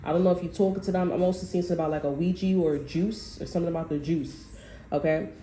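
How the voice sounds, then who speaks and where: Her lowish, mellow voice stays fairly even in intonation as she moves along quickly. It's a casual on-camera tarot reading full of swearing, fillers, and bluntness, with roomy echo and faint noise behind her.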